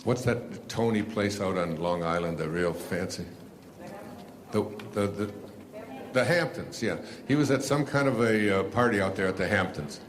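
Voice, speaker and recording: A man's voice: lowish voice, moderate pace, slight background noise. An older man telling a rambling personal story to a live audience, full of fillers and restarts, laughing at himself. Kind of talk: casual storytelling talk.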